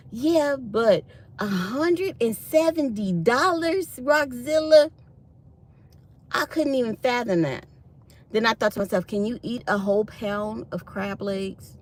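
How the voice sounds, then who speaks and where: A woman's voice: medium pitch, slight background noise. A middle-aged woman, hosting a live stream and chatting to viewers as she animatedly retells a conversation. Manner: chatty, animated retelling of dialogue, reads chat aloud. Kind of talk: casual storytelling to viewers.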